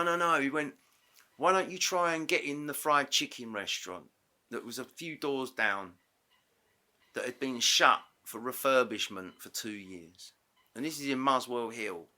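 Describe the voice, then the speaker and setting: A man guest on a podcast, telling a story casually and acting out the dialogue with quick self-corrections. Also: mid-range voice, sharp tone. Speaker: interview guest. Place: podcast studio.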